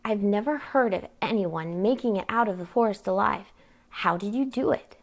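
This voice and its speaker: A woman's voice: mid-range voice, moderate pace, lightly acted. A woman reading her story aloud, voicing a tired mother who asks eager questions. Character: exhausted worried mother, grateful and nosy.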